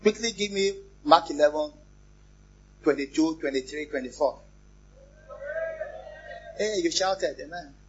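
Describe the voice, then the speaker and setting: Husky preaching man. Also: on the high side, measured pace, long pauses. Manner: emphatic preaching, repeats phrases, jokes with the congregation. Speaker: pastor. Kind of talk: lively sermon. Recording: muffled, lo-fi church recording.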